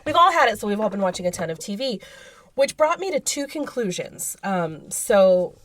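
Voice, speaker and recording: A woman's voice: medium pitch, big pitch swings, moderate pace, fairly bright tone. A woman co-hosting a casual podcast, telling stories animatedly and swearing freely, recorded on a studio microphone in a home podcast studio. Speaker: podcast co-host. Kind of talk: casual chat.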